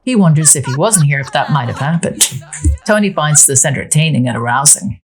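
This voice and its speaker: A woman's voice: low voice, lively intonation, a little fast, background noise. A woman narrating a story told through a life-simulation game, reading scene descriptions aloud.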